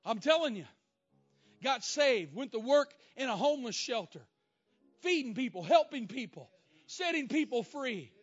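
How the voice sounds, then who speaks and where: A man preaching a sermon as a story, moving between loud exclamations and hushed, emotional lines. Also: sing-song, moderate pace, slightly rough. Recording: muffled low-fi sound with faint music.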